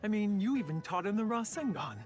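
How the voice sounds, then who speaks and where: A proud, blunt woman leading a ninja village, voiced by a woman in an anime dub. She speaks firmly and plainly, her voice low and even, with soft music running under it. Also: brisk, natural voice. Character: proud adult female ninja leader, blunt. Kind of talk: anime English dub acting.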